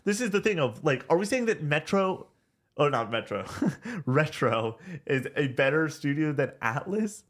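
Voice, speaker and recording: A man co-hosting a casual gaming podcast, animated and excitable, swearing and stumbling over his words. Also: fairly high pitch, normal speed. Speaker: podcast co-host.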